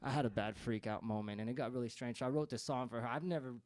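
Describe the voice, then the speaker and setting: A man's voice: medium pitch, quick pace, a little mellow, no echo. A man doing stand-up, telling a story in a loose, rambling way full of fillers. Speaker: comedian. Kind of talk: stand-up comedy.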